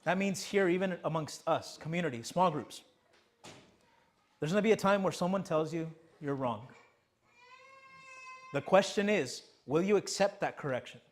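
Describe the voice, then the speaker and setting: Emphatic young pastor preaching, higher voice. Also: male voice, lively intonation, normal speed, pauses often. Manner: emphatic preaching with repeated rhetorical questions. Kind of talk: sermon. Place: church sanctuary.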